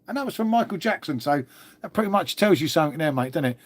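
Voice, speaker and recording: London-area bloke chatting on his livestream, bit of a cold, swears a lot, says mate every line, slightly high voice. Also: brisk. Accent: London-area English. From England (Old Windsor, Berkshire). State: congested with a cold. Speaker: livestream host. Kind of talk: casual chat reading live comments.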